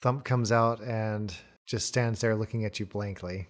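A man narrating calmly as game master of a tabletop role-playing game. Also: lowish voice, measured pace. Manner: calm descriptive narration.

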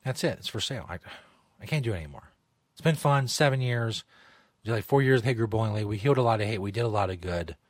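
Man, comedy show host, rambling, profane, lively pitch, dry studio sound. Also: quick pace, dry recording. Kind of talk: comedic talk show monologue.

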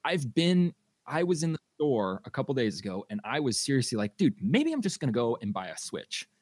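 A man's voice: mid-range voice, very animated, fairly quick, no echo. A man co-hosting a casual gaming podcast, arguing his opinions in a conversational way. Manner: opinionated, argues his point. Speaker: podcast co-host.

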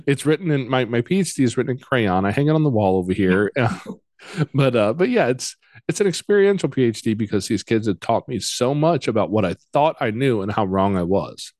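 A man hosting a conversational interview in a relaxed, stop-start manner. He repeats words as he gathers his thoughts. The sound is very dry and close. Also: mid-range voice, fairly quick, no echo. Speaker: podcast host.

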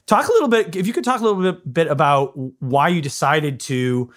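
A male interviewer with a slightly high voice. He asks his questions in an eager, chatty way and often stops to add his own remarks. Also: very animated, a little fast. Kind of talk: casual interview talk.

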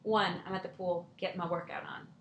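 A woman hosting a podcast, telling stories in an animated, emphatic, casual way. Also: on the low side, a little fast, echoey room, muffled recording, a little hiss or hum. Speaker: podcast host. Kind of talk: casual storytelling chat.

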